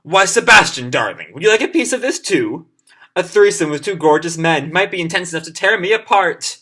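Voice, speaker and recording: A man's voice: high-pitched, animated, fairly quick, bright, forceful tone, full character voice. A man reading aloud from a comic, voicing a flamboyant, flirtatious reaper in a campy, teasing way.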